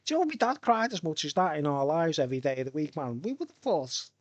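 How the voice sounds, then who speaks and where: A man talks off the cuff on a live stream, wandering from thought to thought and chuckling as he goes. His voice sits a little high for a man. The sound is dry, with no room echo. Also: sing-song, fast talker, lo-fi sound. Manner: rambling, chuckling between thoughts. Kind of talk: casual live-stream chat.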